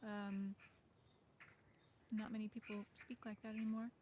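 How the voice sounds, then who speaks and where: A woman's voice: mid-range voice, little pitch movement, measured pace, background noise. A woman chatting on her livestream, hesitant and rambling, with lots of fillers and small laughs. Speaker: livestream host. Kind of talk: casual livestream chat. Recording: birdsong in the background. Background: birdsong.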